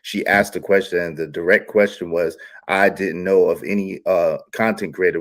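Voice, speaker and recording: A man hosting a live panel discussion, giving measured, somewhat defensive explanations. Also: low voice.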